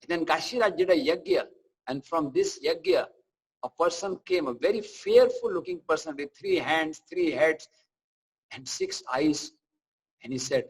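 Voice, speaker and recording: Man, preacher, fairly high voice, animated storytelling, chatty asides. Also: moderate pace, husky, rough recording. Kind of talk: scripture class with storytelling.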